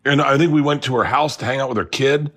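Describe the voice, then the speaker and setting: A man in his fifties hosting a podcast, telling a funny story in a casual, animated way, often laughing and acting out other people's lines. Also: quick pace. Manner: animated storyteller, acts out quotes with big pitch jumps, laughs often. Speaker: podcast host.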